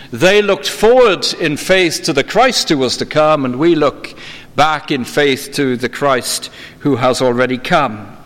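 A man preaching a sermon in a measured, formal way, slowing down for emphasis. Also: on the high side, fairly bright tone. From England. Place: church. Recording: long hall reverb.

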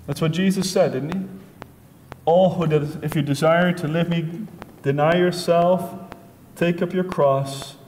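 A man preaches a sermon in a slightly high, darkish voice with fairly even intonation and a somewhat slow pace. He is emphatic and repetitive, piling up phrases for effect and acting out voices in asides. The long reverb of a large hall fills the recording, with a little background noise.

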